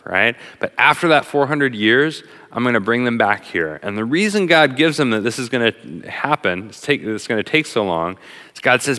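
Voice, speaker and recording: A middle-aged man preaching a sermon as a pastor, talking in an animated, conversational way with plenty of fillers. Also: mid-range voice, moderate pace. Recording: long hall reverb.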